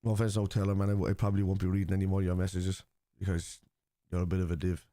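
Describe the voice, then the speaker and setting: A man's voice: sits low, flat delivery, very fast, warm tone, no echo, studio quality. An Irish man hosting a live football watchalong, chatting casually and reading out viewer messages in a blunt, opinionated way. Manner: blunt and opinionated, swears freely. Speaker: livestream host reacting to a football match.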